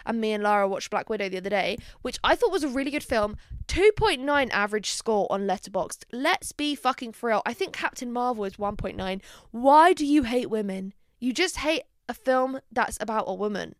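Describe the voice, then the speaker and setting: Young woman vlogger, casual and sweary, smooth clear voice, fairly high, close and dry. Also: no echo. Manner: chatty, swearing, quick asides; playful, dramatic exclamations. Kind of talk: casual chat to camera.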